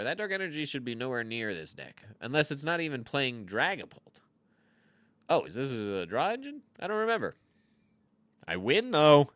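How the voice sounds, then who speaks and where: A man in his thirties talks over his own card game in a casual, rambling way, tossing out jokes and mocking himself. His pitch swings widely and his tone is bright and forceful. The sound is dry and close. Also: very animated, normal speed, no room sound. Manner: rambling, jokey, self-mocking asides. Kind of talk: casual gameplay commentary.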